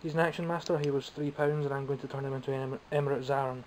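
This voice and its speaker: A man's voice: mid-range voice, fairly even intonation, very fast, a little mellow, a little hiss or hum, rough recording. Rambling Scottish man showing toys. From Scotland. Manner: chatty, rambling, self-mocking. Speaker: toy collector vlogger. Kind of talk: casual show-and-tell vlog.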